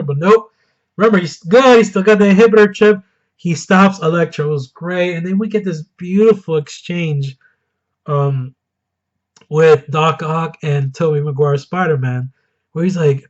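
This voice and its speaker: A man giving a casual, excited film review, gushing and bursting into loud enthusiasm now and then. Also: fairly high pitch, dull audio. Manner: excited, gushing, quick swings into loud outbursts. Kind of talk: casual spoiler review monologue.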